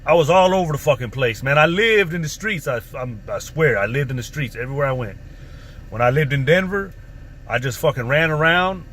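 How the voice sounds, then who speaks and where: A man's voice: fairly high pitch, brisk, a bit bright. A man casually telling a story from his past, in a profane, streetwise, rambling way. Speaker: vlogger. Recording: faint background noise.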